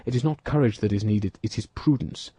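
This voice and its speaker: A man reading an audiobook, voicing a bold, quick-witted young male musketeer who talks in a commanding, brisk way. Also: on the low side, warm tone, husky, dry recording.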